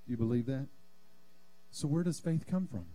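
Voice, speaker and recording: A man's voice: mid-range voice, normal speed, mellow. A male pastor preaching a sermon in a church sanctuary, fervent and calling on the congregation to answer back.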